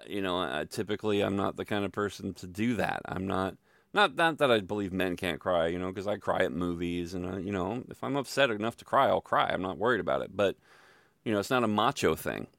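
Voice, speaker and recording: A middle-aged man tells a long personal story in a loose, self-deprecating ramble, stopping for asides and fillers. His voice sits fairly low with a gravelly edge. The recording is dry and close, with no room sound. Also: fairly bright tone, dry recording. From Louisville, Kentucky area. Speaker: podcast host telling a personal story. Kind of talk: casual storytelling monologue.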